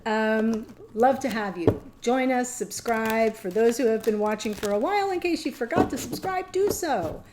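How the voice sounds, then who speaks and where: A middle-aged woman with a fairly high voice reads tarot cards for her viewers in a loose, chatty way. She wanders off on tangents, laughs easily and gets emotional as she goes. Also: expressive, normal speed, hardly any pauses, noisy background. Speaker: tarot reader. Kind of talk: casual tarot reading to camera.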